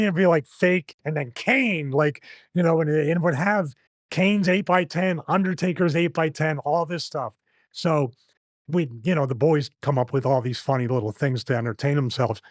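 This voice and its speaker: Middle-aged guy rambling thru stories on a podcast, laughs a lot, slightly high voice, dry sound. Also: no room sound. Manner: chatty storyteller who laughs between anecdotes. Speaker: podcast host. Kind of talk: casual podcast chat.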